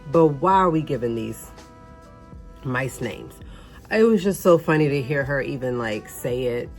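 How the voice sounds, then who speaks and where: A young adult woman narrates her travel vlog in an easygoing, conversational way. Her voice is strikingly low for a woman. She talks straight to her viewers, like she's catching up with friends. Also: animated, unhurried, soft background music. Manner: chatty, storytelling, addresses viewers as y'all. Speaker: vlogger. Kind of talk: casual vlog voice-over.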